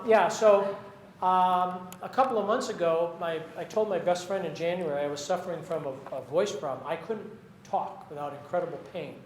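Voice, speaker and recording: A man, a poet, answering audience questions after a reading in a chatty, halting way, often restarting his sentences. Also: high voice, roomy sound, a little hiss or hum, low-quality recording. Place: lecture room with an audience.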